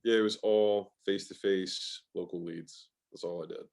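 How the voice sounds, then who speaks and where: A man's voice: sits low, steady tone, normal speed, gravelly, darkish tone. A man speaking as an interview guest in a casual, emphatic way, swearing now and then and using lots of "like" fillers. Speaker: guest, sales expert.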